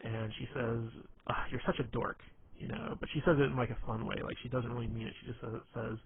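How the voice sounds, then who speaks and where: A man's voice: medium pitch, fairly even intonation, fast talker, vocal fry, crowd noise. A man giving casual dating advice in a rambling way, full of fillers and restarts. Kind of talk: casual instructional talk. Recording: tinny phone-like audio with faint noise.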